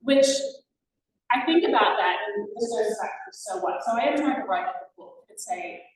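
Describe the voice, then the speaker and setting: A woman's voice: a little high, expressive, moderate pace. A middle-aged woman, an entrepreneur, speaking casually to an audience in a rambling way, with many fillers and self-corrections. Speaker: entrepreneur giving a talk. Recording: very echoey room, distant mic.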